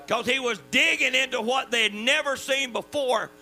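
A man with a Southern US accent preaching a sermon in a folksy, emphatic way, dropping suddenly to quiet. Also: very high-pitched, moderate pace, soft background music, low-quality recording. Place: church. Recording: mains hum underneath.

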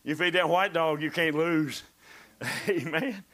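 A man's voice: a little high, slow, a bit bright. A man preaching a fervent sermon, exclaiming and dropping to whispers.

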